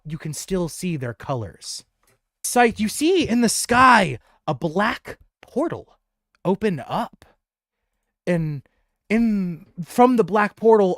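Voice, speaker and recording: A man narrating a tabletop game as game master in an animated, descriptive way. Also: fairly high pitch, no echo, clean studio sound.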